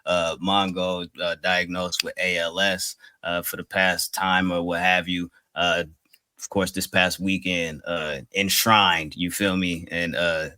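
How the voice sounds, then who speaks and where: A man's voice: low-pitched, little pitch movement, measured pace, sharp tone, no echo. A man hosting a wrestling podcast, chatting casually in a slangy, laid-back way and often tagging lines with "you feel me". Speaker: podcast host. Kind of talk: casual chat.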